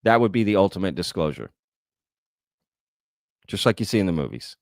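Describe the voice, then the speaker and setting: This host's low, creaky voice swings widely in pitch at an ordinary pace, captured as clean studio sound without any room echo. He runs a livestream Q&A, going through chat comments and musing conversationally, often adding "right?" to his points.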